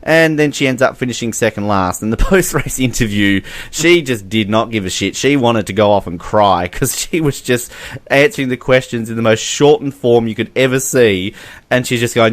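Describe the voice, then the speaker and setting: Brief: Australian male podcast co-host, mid-pitched, sarcastic and laughing, casual sports banter. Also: lively intonation, brisk, a bit bright.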